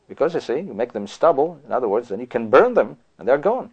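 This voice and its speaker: A man preaching a sermon, asking rhetorical questions and reading scripture slowly and deliberately. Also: medium pitch, sing-song, darkish tone, husky, muffled recording.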